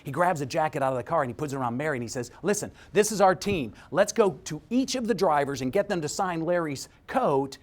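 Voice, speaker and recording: Fast and with few pauses, a middle-aged man gives a high-ish, energetic motivational talk. As he tells his story he acts out the people's voices, going from a hush to a shout.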